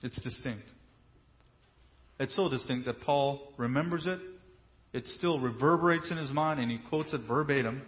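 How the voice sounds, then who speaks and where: Emphatic preacher man, slightly dull audio. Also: medium pitch. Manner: emphatic, with slow drawn-out stresses and rhetorical questions. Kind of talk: sermon.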